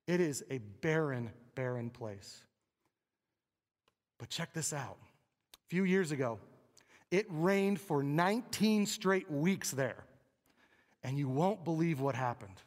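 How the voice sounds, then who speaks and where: Pastor preaching easter, kinda high voice, talky and emphatic, long hall echo. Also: male voice. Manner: conversational, emphatic, asks the crowd questions. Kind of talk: Easter sermon. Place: church sanctuary. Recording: long reverb of a large hall.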